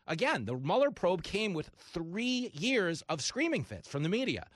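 A man's voice: sing-song, moderate pace, a bit bright, dry recording, clean studio sound. A man hosting a talk radio show, delivering an opinionated, sarcastic monologue and mocking his opponents. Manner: sarcastic, mocks opponents in shrill mimicking voices.

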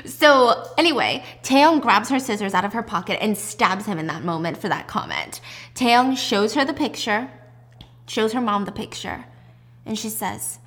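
A woman's voice: lively intonation, normal speed, fairly bright tone. A woman casually recapping a drama, acting out the characters' lines and swearing freely. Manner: swears freely, acts out the lines with big pitch jumps. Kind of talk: casual recap with acted dialogue.

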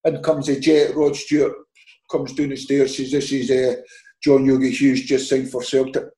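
With a medium pitch and moderate pace, a Scottish former footballer shares anecdotes as a podcast guest in casual chat. He animates the stories by acting out quoted lines and laughing often, and the recording sounds roomy.

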